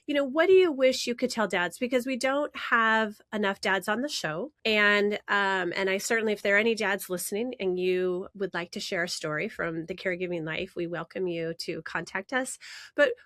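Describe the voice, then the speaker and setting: A woman co-hosting a podcast, asking her guest questions in a warm, inviting way. Her voice sits mid-range and sounds close and dry, with no room around it. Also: medium pitch, moderate pace, no room sound. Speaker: podcast co-host. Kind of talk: podcast interview.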